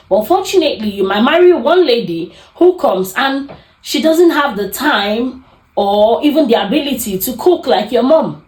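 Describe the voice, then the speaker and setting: Animated woman podcaster. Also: fairly high pitch, moderate pace. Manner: animated, acts out quoted arguments. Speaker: podcast host. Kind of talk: casual advice talk. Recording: echoey room.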